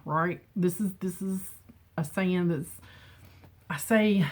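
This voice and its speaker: A middle-aged woman chatting casually on camera from her home, emotional and quick to laugh. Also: lowish voice, fairly even intonation. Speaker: beauty vlogger. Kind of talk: casual chat. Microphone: camera mic with ring light.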